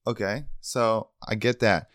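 A man's voice: on the low side, steady tone, unhurried, fairly bright tone, no room sound. A man co-hosting a comedy podcast, shooting down ideas in a dry, firm, wry way. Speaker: podcast co-host.

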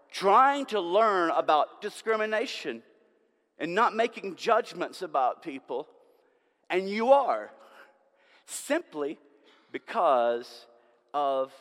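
Male pastor, slightly higher voice, conversational sermon delivery, long hall reverb. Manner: conversational preaching, dynamic swings between loud and hushed. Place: church sanctuary.

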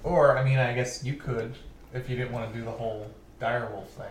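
A man's voice: mid-range voice, fairly even intonation, brisk, slight background noise. Joking man playing a tabletop game, distant. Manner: joking, rambling with restarts. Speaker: player. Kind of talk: casual tabletop play. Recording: echoey room, slightly distant mic.

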